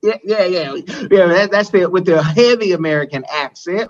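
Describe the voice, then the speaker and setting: A man's voice: high voice, expressive, normal speed. A man hosting a casual interview, easygoing and playful, chuckling between questions. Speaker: interview host. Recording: slightly dull lo-fi audio.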